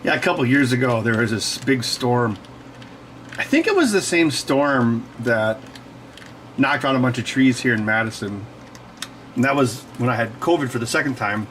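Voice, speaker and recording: A man hosting a livestream talks at normal speed in an expressive, fairly bright mid-range voice, captured in a low-quality recording with a little hiss or hum. He rambles through digressive stories while he works, correcting himself and laughing often.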